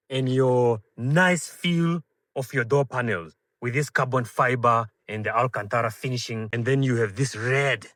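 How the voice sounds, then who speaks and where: A man giving an enthusiastic car walkaround review, pointing out features with frequent fillers and calling his viewers ladies and gentlemen. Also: medium pitch, no echo.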